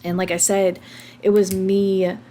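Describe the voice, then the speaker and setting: A woman's voice: medium pitch, flat delivery, unhurried, warm tone, a little hiss or hum. Candid American woman confessing on a podcast. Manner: open and confessional, with frequent ums and restarts. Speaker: podcast host. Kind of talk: candid personal monologue.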